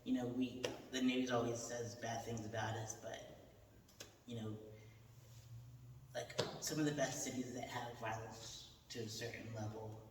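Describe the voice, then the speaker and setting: A man's voice: mid-range voice, little pitch movement, a little slow. Man, American accent, podcast host, filler-heavy, long reverb, faint noise. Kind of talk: casual interview chat. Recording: roomy echo, mic far off.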